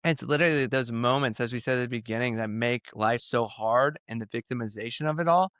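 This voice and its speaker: Intense man telling his story, smooth and dry. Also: medium pitch, a little fast, no room sound. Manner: intense, animated storytelling, quoting himself. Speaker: podcast guest. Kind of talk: candid podcast conversation.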